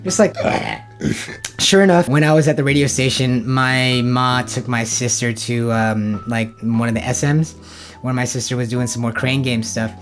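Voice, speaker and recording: A man's voice: mid-range voice, fairly even intonation, normal speed. A man recapping a family trip to the camera in a casual, rambling way, full of fillers and exasperated asides. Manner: rambling, filler-heavy storytelling with lots of "like" and "dude"; ranting and exasperated. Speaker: vlogger.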